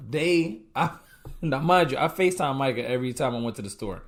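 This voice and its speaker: A young man co-hosting a relaxed podcast chat, with a voice of ordinary pitch. He tells a long story with energy, jumping into the voices of people he met. Casual and chatty throughout. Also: fairly quick. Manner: animated storyteller, acts out his own quotes. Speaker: podcast co-host.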